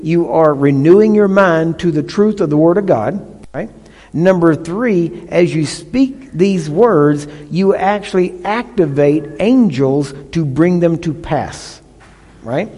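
A man's voice: fairly high pitch, dark tone, in a large hall. A male pastor preaching a sermon, teaching emphatically and often checking in with the congregation.

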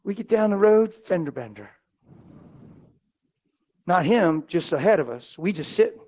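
A middle-aged man preaching in a folksy, animated way, telling stories and acting out the people in them. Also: high-pitched, unhurried. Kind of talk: storytelling sermon.

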